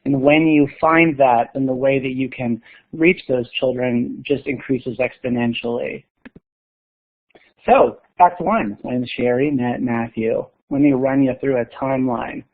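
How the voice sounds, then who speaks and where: A man's voice: medium pitch, fairly even intonation, measured pace. A man, a school librarian, presenting on a webinar in an upbeat, enthusiastic, joking way. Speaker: school librarian and podcast host. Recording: tinny phone-like line.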